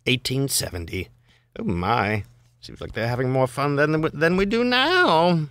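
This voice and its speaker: Slow, wildly swooping male reader of bawdy rhymes; dry, close sound. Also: medium pitch, very animated, a bit bright, no echo. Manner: amused, chuckling asides between rhymes; swoops into mock voices for quoted lines. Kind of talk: bawdy limerick reading.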